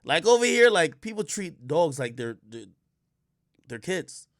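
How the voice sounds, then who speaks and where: A man from Jamaica rants on his livestream in a casual, profane way, and his voice leaps around with lively, expressive swings. He sits a little high for a man and jumps from loud outbursts to low mutters. The sound is close and dry, with no room around it. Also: a little slow, no echo. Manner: swears often. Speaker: livestream host.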